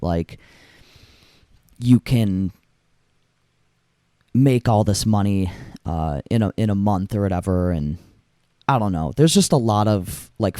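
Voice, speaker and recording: A young man talks through a solo podcast in a loose, rambling way, full of fillers and restarts. His voice sits a little low and sounds mellow. The mic is close, with a dry, deadened room. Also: no echo. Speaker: podcast host. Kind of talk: casual solo podcast monologue.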